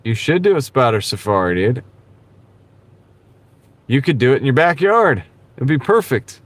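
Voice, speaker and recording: A man's voice: mid-range voice, very animated, moderate pace, dry recording. A man hosting a live stream from his car while gig driving. He chats casually with viewers in a laid-back, rambling way and often says "dude". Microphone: wireless clip-on mic.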